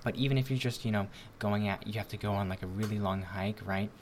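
An Australian man with a low voice wanders through his thoughts in a relaxed chat. He keeps checking in with tag questions as he talks. Faint noise hums behind him. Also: quick pace. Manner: meandering, tag questions like "right?". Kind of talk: casual group chat.

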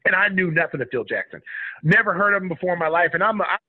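A man's voice: high-pitched, quick pace, slightly rough. A middle-aged man from Oklahoma telling a story in a casual interview, acting out what people said in a raised voice. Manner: animated storyteller who acts out quotes in a raised voice. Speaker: guest, former basketball player. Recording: tinny phone-like line.

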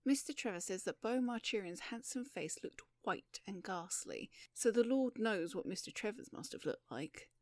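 A woman narrating a story in a measured audiobook reading. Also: mid-range voice, animated, dry recording, clean studio sound.

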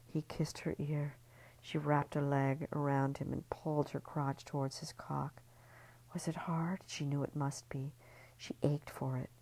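A woman narrating a serialized story in a hushed, intimate reading. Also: low voice, little pitch movement, measured pace, vocal fry, low-quality recording. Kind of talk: scripted audiobook narration.

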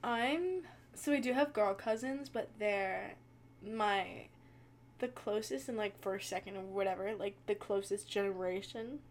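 A woman's voice: medium pitch, unhurried, slight background noise. A young woman co-hosting a podcast, chatting casually and telling stories with lots of laughter. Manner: giggly, animated storytelling with acted quotes. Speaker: podcast co-host. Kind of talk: casual chat.

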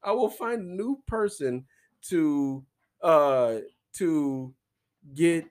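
A man voicing an exasperated, sassy woman who is fed up and shouts loud, profane retorts. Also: fairly high pitch, expressive, drawn-out words, clear, resonant tone. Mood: indignant.

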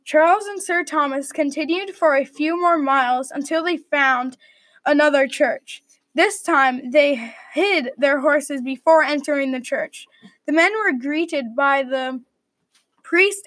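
A woman reading a medieval adventure story aloud at a steady read-aloud pace. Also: high voice, measured pace, dry recording.

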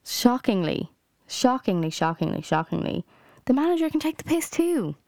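A woman's voice: fairly high pitch, big pitch swings, moderate pace, a little mellow, no echo, studio quality. A young adult woman hosting a solo podcast, ranting in a heated way with lots of swearing and "like" fillers. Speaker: podcast host.

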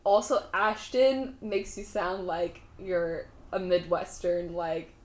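A young adult woman in casual chat, an animated and chatty storyteller. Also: on the low side, slow pace. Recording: echoey room.

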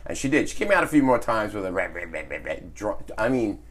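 A man's voice: on the low side, sing-song, fast. A man telling a story in casual, profane podcast chat. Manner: storytelling, profane, laughs often. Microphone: phone.

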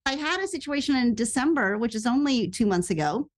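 A woman telling a story as a guest on an interview podcast, lively and quick, acting out the voices of people she quotes. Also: fairly high pitch. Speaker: actress and radio host guest.

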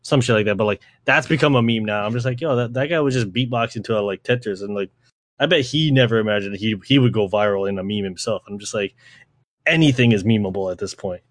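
A man's voice: on the low side, fast talker, dry recording, clean studio sound. A young man hosting a podcast, talking in a rambling, slangy way, swearing and saying "like" constantly. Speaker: podcast host. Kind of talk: casual podcast chat.

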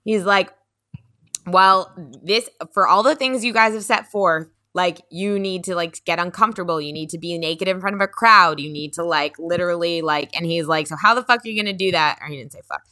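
A woman's voice: on the low side, fairly quick, pushed and bright, no room sound, studio quality. A woman podcast co-host in candid casual chat, animatedly retelling a tense conversation, quoting people, swearing and laughing often.

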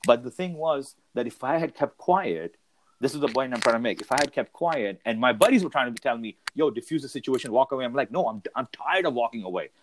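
A man's voice: mid-range voice, lively intonation, a little fast, a little hiss or hum, poor audio. A man in casual chat, animatedly telling a story and acting out what others said, laughing along the way.

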